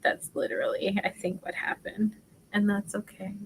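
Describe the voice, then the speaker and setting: A woman's voice: medium pitch, completely flat delivery, vocal fry, whispered, low-quality recording. A woman teaching crochet on a casual livestream, chatting and murmuring stitch counts under her breath. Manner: slow, chatty, self-deprecating, often drops to murmurs while counting stitches. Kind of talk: casual live tutorial.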